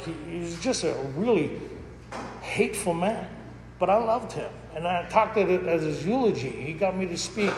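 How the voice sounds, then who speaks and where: Man, somewhat high voice, candid storytelling, laughs as he talks, roomy hall echo, faint background noise. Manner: candid, jokey, laughs through his stories. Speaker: speaker at a recovery roundup. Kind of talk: personal storytelling talk to an audience. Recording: echoey hall with long reverb.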